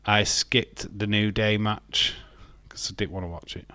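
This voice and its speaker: A man's voice: on the low side, fairly even intonation, measured pace, bright, forceful tone, dry recording. A man casually commentating a wrestling watch-along, rambling, joking and reading out chat messages. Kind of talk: casual live-stream commentary.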